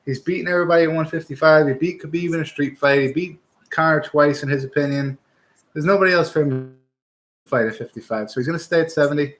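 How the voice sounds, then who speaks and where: A man's voice: fairly high pitch, quick pace. A young man hosting a casual fight-picks show, talking in a blunt, opinionated and profane way. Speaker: podcast host giving fight picks.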